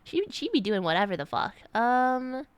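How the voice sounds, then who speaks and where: A woman's voice: fairly high pitch, lively intonation, normal speed, clear, resonant tone, dry recording. A young woman streamer chatting casually with her live chat, rambling with lots of "like" and restarts.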